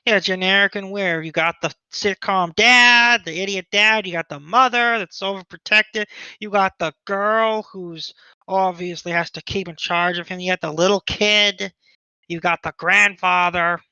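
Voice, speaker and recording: A man's voice: high-pitched, moderate pace, bright, forceful tone, clean tone, no room sound, muffled recording. A man co-hosting a podcast, chatting casually and rambling through his opinions with lots of restarts. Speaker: podcast co-host. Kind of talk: casual chat.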